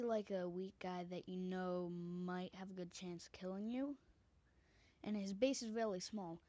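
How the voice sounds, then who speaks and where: A woman's voice: mid-range voice, mellow, no room sound. A woman commenting on a game she plays from her bedroom, often dropping into a whisper, into a desk microphone. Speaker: gamer. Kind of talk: casual gameplay commentary.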